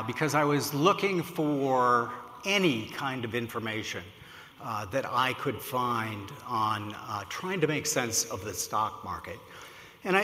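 Lively male speaker in a reverberant hall. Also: medium pitch. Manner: animated, with frequent uh fillers. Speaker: keynote speaker. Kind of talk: storytelling conference talk. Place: large lecture hall at a podium.

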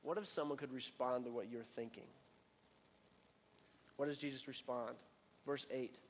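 A man preaching a sermon in a casual, conversational way, full of fillers and restarts, building up and then dropping to a quiet emphasis. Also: mid-range voice, fairly even intonation, moderate pace, in a large hall, a little hiss or hum. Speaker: pastor.

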